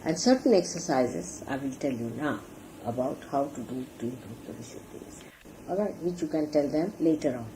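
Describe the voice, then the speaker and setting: A woman's voice: very deep voice, expressive, normal speed. A woman giving an earnest sermon to followers, teaching how to behave and showing each point with gestures. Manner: earnest, instructive, demonstrates with gestures. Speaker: spiritual teacher. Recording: archival talk recording with faint hiss.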